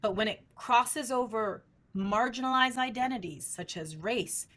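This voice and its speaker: A woman's voice: fairly high pitch, lively intonation, a little slow, fairly bright tone. A middle-aged woman researcher, a guest in an interview, explaining her field in an emphatic, teacherly way. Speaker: speech language researcher, guest.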